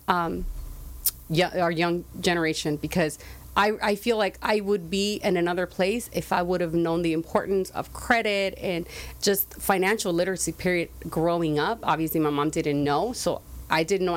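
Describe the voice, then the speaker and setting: A woman's voice: lowish voice, moderate pace. A woman business owner, a guest on a talk show, explaining credit repair in casual, earnest interview chat. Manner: earnest, explanatory, laughs easily.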